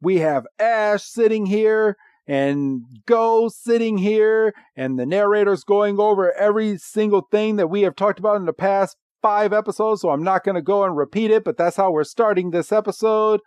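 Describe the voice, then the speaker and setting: A man co-hosting a podcast, casually recapping a cartoon episode with lively retelling. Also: normal speed, smooth, dry recording, clean studio sound. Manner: animated recap, doing squeaky character voices. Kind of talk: casual chat.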